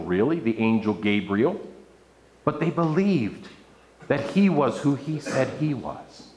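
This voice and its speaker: A man's voice: mid-range voice, a little hiss or hum. A man preaching a sermon to a room, reading scripture aloud and adding playful asides. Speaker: pastor. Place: church room with an audience. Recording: echoey room.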